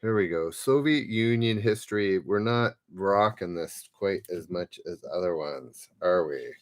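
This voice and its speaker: Guy hosting an online trivia night, kinda low voice, chatty, reading out questions and shouting out players. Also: a little slow. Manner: chatty, reads questions aloud and calls out players' names. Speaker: trivia quiz host. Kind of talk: live-streamed pub quiz hosting.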